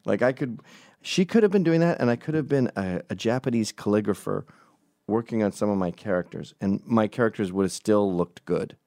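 A man from Scotland, middle-aged, with a lowish voice, telling a crude and rambling comic story. The delivery is jokey and loose, full of asides, recorded at home at night. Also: brisk, warm tone.

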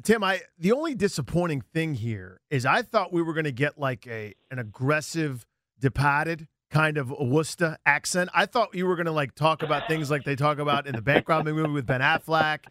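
A man's voice: a little high, a little fast, sharp tone, dry recording, studio quality. A male co-host of a radio sports show, joking with a guest and doing a punchy live-read ad. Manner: jokey, punchy ad delivery.

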